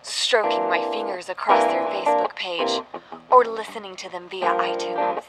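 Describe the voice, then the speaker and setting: A woman reading a comedy podcast promo in a slow, breathy, teasing mock-sultry style. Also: medium pitch, steady tone, rough recording. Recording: voice over loud guitar music.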